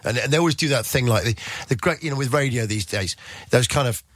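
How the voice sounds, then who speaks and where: A man's voice: mid-range voice, quick pace, fairly bright tone, no room sound. A middle-aged man, a radio and podcast host, chatting in an interview and telling jokey anecdotes, acting out other people's voices. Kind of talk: casual interview chat.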